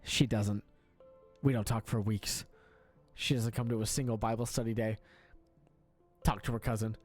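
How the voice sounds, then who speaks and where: A man reading an online story aloud in a deadpan way, sometimes breaking into laughter. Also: lowish voice, normal speed, faint music behind. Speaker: story reader.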